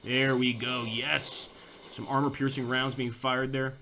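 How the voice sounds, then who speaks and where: A man's voice: medium pitch, flat delivery, measured pace, bright, forceful tone, a little hiss or hum. A young man giving casual, chatty commentary over a strategy war game, thinking aloud with fillers and restarts. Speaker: gameplay commentator.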